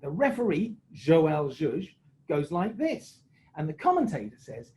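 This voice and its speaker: A man's voice: high-pitched, very animated, normal speed, mellow, low-quality recording. A man, a former rugby referee, telling jokey, self-mocking anecdotes on a video call. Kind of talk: anecdotal storytelling on a webinar.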